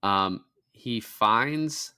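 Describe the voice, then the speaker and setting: A man's voice: fairly low pitch, expressive, drawn-out words, pushed and bright, clear, resonant tone. A young man co-hosting a casual film review podcast, retelling scenes with lots of swearing and fillers. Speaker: podcast co-host.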